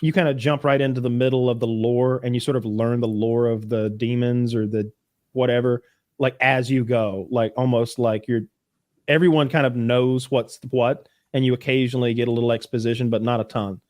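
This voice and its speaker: A man's voice: medium pitch, fairly even intonation, a little fast, a little mellow, no room sound. A man co-hosting a podcast, telling a rambling, profane story in casual chat. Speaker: podcast co-host.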